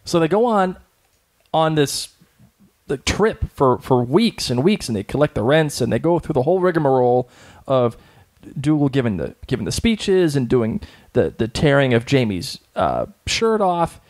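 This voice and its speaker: A man's voice: mid-range voice, big pitch swings, normal speed, darkish tone. A man co-hosting a casual podcast, chatty and opinionated, often laughing as he talks. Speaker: podcast co-host.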